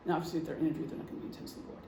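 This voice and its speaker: A middle-aged man fires off words rapidly in a warm tone during an informal talk to a group. He's conversational, throwing in examples and lots of ums. The meeting room echoes, and a faint hum sits underneath.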